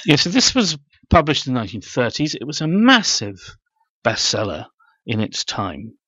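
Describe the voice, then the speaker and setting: A man co-hosting a book podcast, summing up a plot casually with quick asides. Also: mid-range voice, wildly swooping pitch, pushed and bright, slightly rough, no echo. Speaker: podcast co-host. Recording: dry, muffled recording.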